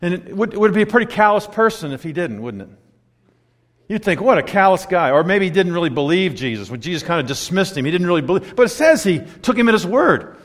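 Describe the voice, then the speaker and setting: A man preaching a sermon, telling stories and swinging between loud emphatic lines and hushed asides. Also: high voice, sing-song, fast talker. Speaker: pastor. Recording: long hall reverb.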